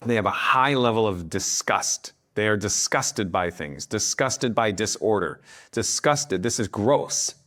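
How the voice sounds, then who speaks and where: A man's voice: on the low side, lively intonation, unhurried, bright, forceful tone. A man giving a talk to an audience who acts out other people's voices and often checks in by asking "okay?". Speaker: speaker on influence and leadership. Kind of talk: lively talk to a live audience.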